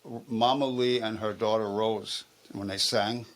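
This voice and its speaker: A man's voice: fairly low pitch, steady tone, a little slow, background noise. Heated, insistent man talking on a local show. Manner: storytelling, gets heated and insistent when arguing. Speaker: guest. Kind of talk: casual talk-show chat. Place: local TV studio.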